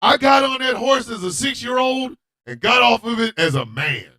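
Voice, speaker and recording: A man hosting a radio show, telling a comedic story in a loud, animated, profane way and often shouting. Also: very high-pitched, normal speed.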